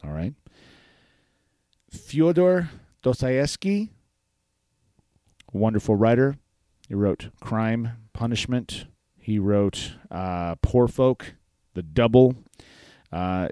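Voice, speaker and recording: A man's voice: fairly low pitch, a little slow, warm tone, smooth, dry recording. A man hosting a podcast in a casual, rambling way, with plenty of fillers and restarts. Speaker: podcast host. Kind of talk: casual talk-show chat.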